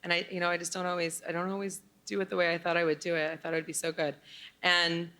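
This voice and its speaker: A woman's voice: lowish voice, flat delivery, fast talker, pushed and bright. Blunt woman telling a true story live. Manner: candid and blunt, swears casually.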